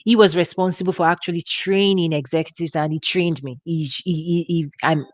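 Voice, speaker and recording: A middle-aged woman hosting a ministry talk, speaking earnestly with repeated words and halting restarts. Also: on the low side, steady tone, no echo. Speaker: ministry host. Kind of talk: casual teaching talk.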